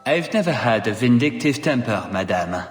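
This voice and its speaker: A man's voice: medium pitch, sing-song, moderate pace, roomy sound, far from the mic, faint music behind, close to an everyday voice. An actor playing a pompous, vain male nobleman in a video game, speaking in a condescending, haughty manner.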